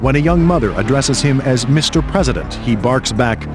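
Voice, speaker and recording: A man reading scripted documentary narration in a grave, measured way. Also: mid-range voice, lively intonation, over music.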